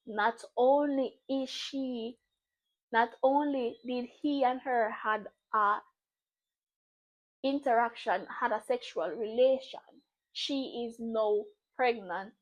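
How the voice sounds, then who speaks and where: A young woman with a high voice recounts a painful personal story as a vlogger. She repeats phrases for emphasis and acts out both sides of the dialogue. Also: rough recording. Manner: repetitive and emphatic, acting out dialogue. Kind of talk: emotional storytime monologue.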